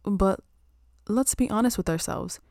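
A woman's voice: mid-range voice, unhurried, darkish tone, no echo, studio quality. A young woman chatting casually about spirituality and self-care, full of "like" and "um" and casual swearing.

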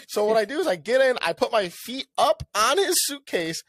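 A young man co-hosting a podcast, telling a story in casual chat. He swears a lot and acts out what he said with a rising, animated voice. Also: extremely high pitch, a little fast, no echo. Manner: animated, swears often, acts out his own lines with a rising voice. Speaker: podcast co-host.

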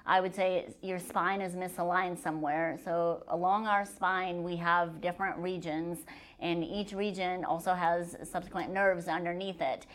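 Lower-voiced woman physician, chatty podcast guest. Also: fairly even intonation, normal speed. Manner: chatty and joking, explains in plain terms. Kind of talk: podcast interview.

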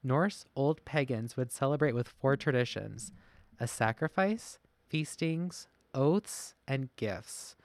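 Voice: medium pitch, slow, darkish tone, no echo. A podcast co-host reading research notes from a phone, with self-deprecating, chatty asides. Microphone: podcast mic, masked.

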